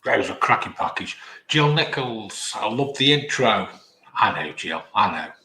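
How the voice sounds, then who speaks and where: A man's voice: on the low side, big pitch swings, moderate pace, sharp tone, slight background noise. A man hosting a live show, reading viewer comments in a chirpy, bantering way. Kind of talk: casual live-stream chat. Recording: roomy echo.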